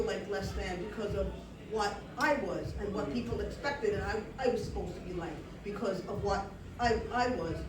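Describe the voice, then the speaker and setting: A woman tells a comic story on a live stage, animated and full of restarts. Her voice sits high for a woman. The sound is roomy and caught from a distance, with faint noise behind it. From Brooklyn, New York. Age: 40s.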